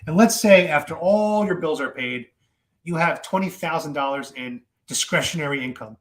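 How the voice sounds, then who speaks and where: A man giving casual political commentary to his viewers, animated and chatty with many fillers and repeats. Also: fairly high pitch, normal speed, roomy sound.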